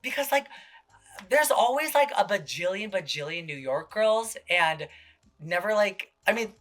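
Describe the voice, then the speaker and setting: A man hosting a casual TV recap, gossipy and full of swearing, jumping into quick impressions. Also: sits high, expressive, fairly bright tone, soft background music. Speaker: show host.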